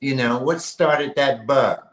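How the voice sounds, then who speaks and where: A man's voice: mid-range voice, takes it slowly, a bit bright. Man, mid-range voice, casual curious questioner.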